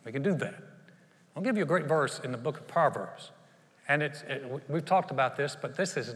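A male pastor preaching a sermon in an animated way. He acts out quotes and often laughs. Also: medium pitch, fairly quick, in a large hall.

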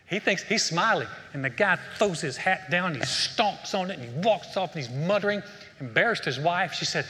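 A man's voice: sits high, lively intonation, moderate pace, bright, forceful tone. A male pastor preaching a sermon in a conversational way, telling a joke and often restarting his words. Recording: preached in a hall with long reverb.

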